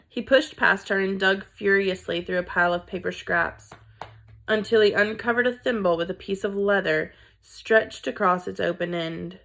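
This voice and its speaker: A woman reading a children's book aloud in a deliberate storytelling manner. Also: fairly low pitch, fairly even intonation, gravelly, a bit bright. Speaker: reader.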